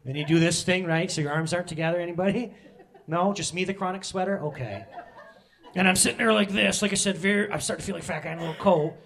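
A man in his thirties preaching a sermon, candid and joking, with sudden loud emotional bursts. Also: sits high, fast, gravelly. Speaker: pastor.

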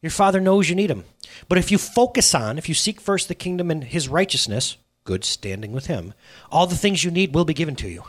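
A man's voice: fairly high pitch, very animated, fairly quick, few pauses. A middle-aged man preaching a casual sermon to a live congregation, conversational and self-deprecating, asking the room questions. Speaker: pastor.

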